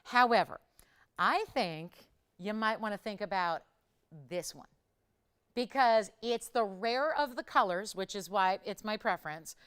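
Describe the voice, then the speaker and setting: A woman hosting live jewelry shopping, chatty and upbeat, pitching deals and reading out viewer messages. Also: animated, measured pace, a bit bright, smooth. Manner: pushes deals with "I'll tell you what".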